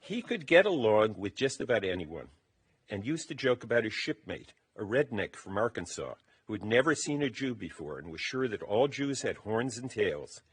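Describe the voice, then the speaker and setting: Husky man giving a eulogy. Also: lowish voice, big pitch swings. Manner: measured, reading from a text. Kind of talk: funeral eulogy, prepared remarks. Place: funeral service.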